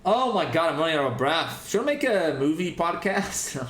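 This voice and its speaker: A man's voice: on the high side, moderate pace, roomy sound, a little hiss or hum. A man streaming a game and chatting casually, ranting with lots of swearing. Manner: profane, animated ranting. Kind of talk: casual chat while gaming.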